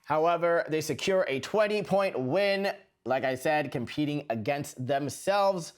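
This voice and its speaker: A man hosting a figure skating recap show, commentating over highlights in a lively, playful way. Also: unhurried. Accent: put-on British accent. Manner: playful, chatty sign-off with a put-on accent.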